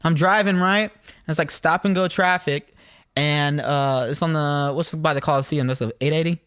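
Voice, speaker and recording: In clean, dry studio audio, a young podcast co-host with a fairly high, smooth voice speaks at a normal speed. He's an animated storyteller, swapping casual tales packed with swearing.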